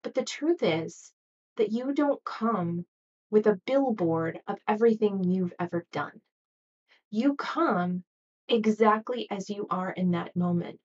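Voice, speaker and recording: A woman hosting a motivational podcast, talking gently and coaching her listeners, sometimes acting out anxious inner voices. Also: mid-range voice, a little slow, recorded from a distance, highs cut off. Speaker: podcast host. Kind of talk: motivational solo podcast talk.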